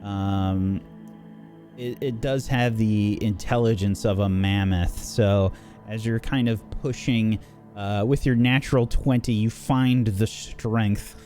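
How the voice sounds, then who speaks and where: A man narrating as the game master of a tabletop game, in halting, measured narration. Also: on the low side, steady tone, darkish tone, faint music behind.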